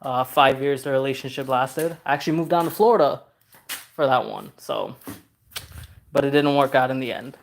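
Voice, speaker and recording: A man's voice: medium pitch, moderate pace, slight background noise. Chatty Trinidad-born man answering viewers. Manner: chatty and easygoing, reads viewer questions aloud, laughs often. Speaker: car customizing channel host. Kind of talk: casual livestream chat answering viewer comments.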